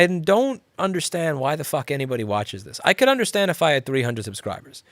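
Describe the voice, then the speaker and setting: A man answers viewer questions on a casual livestream in a blunt, rambling way, swearing freely. His voice sits in an ordinary middle range. The sound is dry and close, with no room echo. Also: mid-range voice. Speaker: repair shop owner and channel host.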